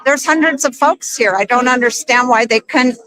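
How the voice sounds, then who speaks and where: A woman reporting live at a press conference, interviewing people on the spot with quick, slightly flustered asides. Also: sits high, a bit bright, rough recording. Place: outdoor protest at a state capitol.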